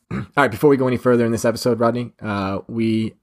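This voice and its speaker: Male podcast host, easygoing chat, mid-pitched voice. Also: fairly even intonation, a little fast. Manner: easygoing, reads a news story aloud with asides.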